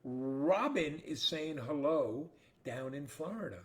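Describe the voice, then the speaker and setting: A man's voice: mid-range voice, animated, moderate pace, vocal fry. A middle-aged man co-hosting a casual show, telling jokes playfully and acting out the characters in them. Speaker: co-host. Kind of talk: casual joke-telling chat.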